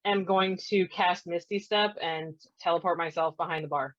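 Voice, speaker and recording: A hesitant woman guest player describes her character's cautious moves in a tabletop game. Her voice is lowish and dry, and it comes through a dull, lo-fi mic. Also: fairly even intonation, moderate pace, a bit bright, no room sound.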